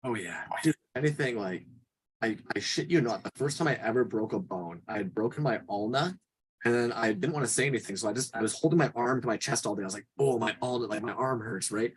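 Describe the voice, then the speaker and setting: A man in his thirties from Canada, chatting casually on a podcast and telling animated, swear-laced stories. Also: mid-range voice, quick pace. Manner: animated storyteller, swears freely. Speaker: podcast guest. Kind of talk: casual chat.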